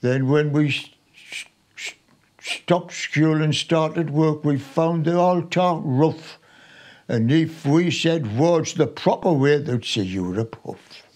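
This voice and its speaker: A man's voice: fairly high pitch, slow, a little mellow. An old man reciting as a plain-spoken North East lad. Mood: wry. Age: 90s. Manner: rhyming, sing-song verse delivery. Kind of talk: reciting a poem in local dialect.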